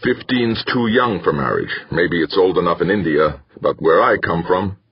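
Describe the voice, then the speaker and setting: A man's voice: sits low, lively intonation, moderate pace, highs cut off, crowd noise, pitched above the performer's own voice. A man voicing a glowering ship captain who speaks in stern, clipped lines in an audiobook. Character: gruff, glowering ship captain, protective father.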